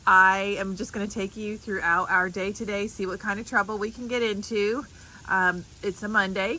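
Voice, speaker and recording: A woman's voice: medium pitch, pushed and bright, a little hiss or hum. A woman from the American South, talking chattily to camera in her kitchen with her morning voice and laughing often. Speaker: vlogger. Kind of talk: casual chat to camera. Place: farmhouse kitchen.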